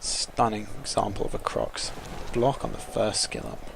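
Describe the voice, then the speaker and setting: A man giving excitable, taunting commentary over a video game he is playing. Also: medium pitch, normal speed, creaky. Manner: excitable, taunting trash talk. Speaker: gaming commentator. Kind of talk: let's-play commentary.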